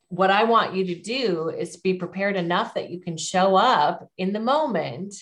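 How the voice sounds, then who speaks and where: Speaking with a fairly low pitch, a middle-aged woman coaches listeners on public speaking during an interview, sounding encouraging and emphatic.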